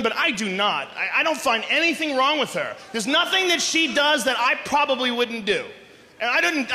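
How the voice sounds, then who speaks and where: A man performing live stand-up comedy on stage, loud, profane and often shouting. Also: very high voice, slight background noise. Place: large live venue on stage. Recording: echoey hall, live ambience.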